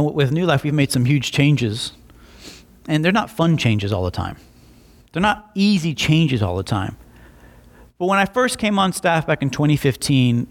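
A young adult man preaching a sermon, telling stories with lively voiced asides. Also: mid-range voice. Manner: animated storytelling with voiced asides. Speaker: pastor.

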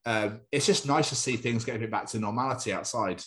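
A man's voice: medium pitch, quick pace, fairly bright tone. A young man, co-hosting a podcast in casual chat, jokey and rambling. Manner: chatty, jokey, slips into silly put-on voices. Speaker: podcast co-host.

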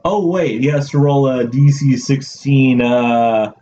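A man's voice: mid-range voice, measured pace, warm tone, highs cut off, a little hiss or hum. A man playing a tabletop game, teasing the others. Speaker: player.

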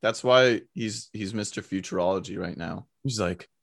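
A young man co-hosting a casual podcast, joking, laughing and mocking squeaky voices in chat. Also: normal speed, creaky. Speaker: podcast co-host.

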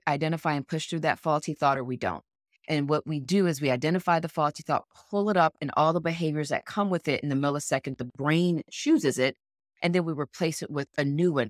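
A woman's voice: low-pitched, animated, a little fast, no room sound, studio quality. A woman co-hosting a podcast in an earnest, encouraging coaching tone. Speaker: podcast co-host. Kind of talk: motivational casual chat.

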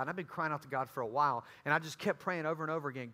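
Bright-voiced animated preacher man. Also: mid-range voice, fast, hardly any pauses. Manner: animated, acts out the voices of others in his story. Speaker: student ministry pastor. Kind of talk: sermon storytelling.

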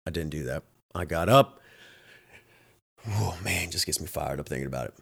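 A man's voice: extremely low pitch, brisk, gravelly, a bit bright. Exasperated, swearing man telling a story. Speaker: podcast host and home health nurse. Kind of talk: casual storytelling monologue.

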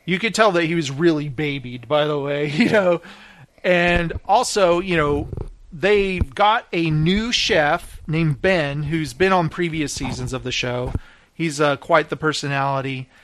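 A man's voice: on the high side, measured pace, slight background noise. A man hosting a podcast, animatedly retelling TV scenes in casual chat and laughing often. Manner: animated storyteller acting out quotes, laughs often. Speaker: podcast host. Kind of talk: casual chat recapping TV shows.

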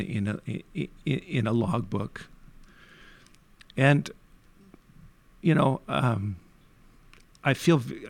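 A man from Canada tells his story in a candid interview at a middle pitch. He swings between quiet, low asides and sudden emphatic bursts, often restarting his sentences. The sound is dry and close. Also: gravelly, no room sound. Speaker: youth worker telling his story.

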